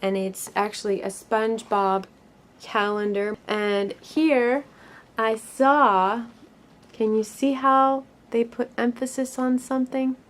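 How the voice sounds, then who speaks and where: A woman teaching a children's art lesson, speaking gently and encouragingly to young viewers as she draws. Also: fairly high pitch, fairly even intonation, slow pace.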